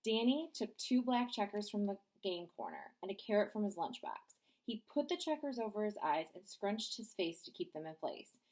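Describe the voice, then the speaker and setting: A woman reads a children's book aloud at bedtime, her narration expressive and gentle. Her pitch rises and falls with lively movement at a medium height. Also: normal speed, few pauses. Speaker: storybook reader. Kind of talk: bedtime story read-aloud.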